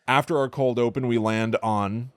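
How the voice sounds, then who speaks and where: A man's voice: mid-range voice, fairly even intonation, normal speed, clean tone, no room sound. A man co-hosting a podcast, chatting casually and wryly as he recaps a film with dry jokes. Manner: wry, chatty, recounting plot with dry jokes. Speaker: podcast co-host. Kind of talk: casual movie-review chat.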